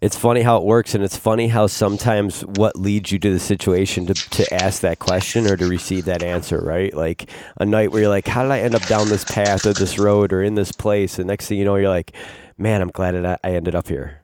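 A man's voice: deep voice, fairly even intonation, a little fast, background noise. A man hosting a podcast, talking in a reflective and encouraging way. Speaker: podcast host. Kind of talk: casual conversational chat.

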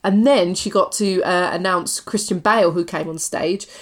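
A woman co-hosting a podcast in a relaxed, chatty way. Her voice sits a little low, and she talks loosely, full of fillers and the odd swear word. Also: normal speed. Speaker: podcast co-host. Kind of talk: casual chat.

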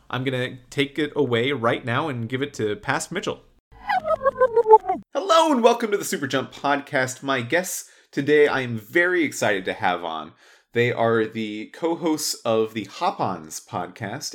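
A man hosting a podcast in casual chat, a bit stuttery and quick to laugh. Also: medium pitch, fairly bright tone. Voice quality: praised radio voice. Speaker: podcast host.

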